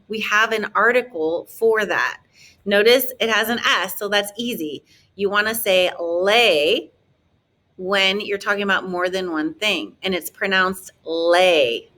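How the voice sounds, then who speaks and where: Woman, french teacher, bright clear voice, slow and deliberate, drawn-out model words, chatty explanations. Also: medium pitch. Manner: explains grammar in a chatty, encouraging way. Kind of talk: classroom language lesson.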